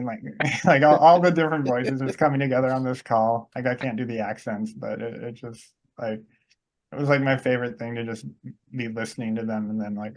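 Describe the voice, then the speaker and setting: A man's voice: mid-range voice, fairly even intonation, brisk. Easygoing man telling a story. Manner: easygoing storyteller, laughs often, many fillers. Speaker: podcast co-host. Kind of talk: casual chat.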